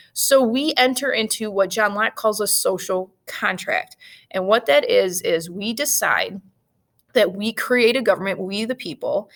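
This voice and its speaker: Woman teaching history with jokes. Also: a little high. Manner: lively, joking, lots of acted-out asides. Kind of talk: casual classroom lecture.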